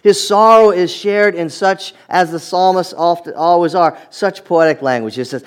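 A man's voice: high voice, expressive, measured pace, clean tone. A man preaching a sermon, reading scripture aloud and reflecting on it in an earnest manner, often repeating words as he restarts.

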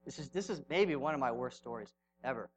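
A middle-aged male pastor preaching a sermon, telling stories with sudden swings from loud to hushed. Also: medium pitch, lively intonation, a little fast, slight background noise, poor audio.

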